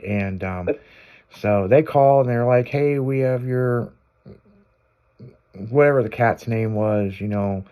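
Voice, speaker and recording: A man's voice: mid-range voice, takes it slowly, long pauses, clear, resonant tone, phone-quality sound. A man hosting a radio show, telling stories in casual banter with crude language and frequent laughter.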